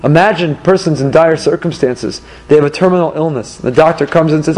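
High-voiced man teaching Torah. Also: fairly quick. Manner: animated, acts out dialogues in quoted voices. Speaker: rabbi. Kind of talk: weekly Torah class.

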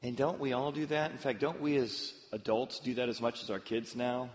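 A man's voice: mid-range voice, moderate pace, big-room sound, muffled recording. A man preaching a sermon, telling stories and sometimes acting out the voices of the people in them. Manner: storytelling with lively acted-out voices. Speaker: pastor.

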